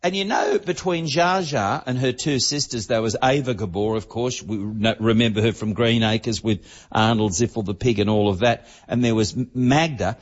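A man's voice: medium pitch, normal speed, few pauses. A man, telling celebrity gossip as an entertainment reporter on a radio show in a chatty, storytelling manner. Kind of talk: casual radio chat. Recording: dull lo-fi broadcast audio.

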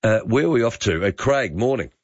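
Deep-voiced radio host. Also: male voice, lively intonation, a little fast, no room sound, dull audio. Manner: friendly, encouraging to callers. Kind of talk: talkback radio.

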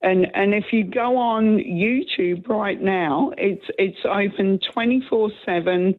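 Hoarse woman on a phone line. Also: medium pitch, slow pace. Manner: earnest, rambling with restarts. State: hoarse with a cold. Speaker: caller. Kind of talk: talkback radio call.

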